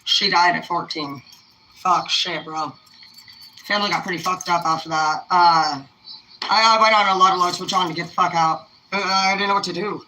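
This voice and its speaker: A woman's voice: lowish voice, steady tone, normal speed, bright, forceful tone. A young woman telling rambling, profane personal stories in a casual, laid-back way. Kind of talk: casual storytelling. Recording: roomy echo, mic at a distance, faint noise.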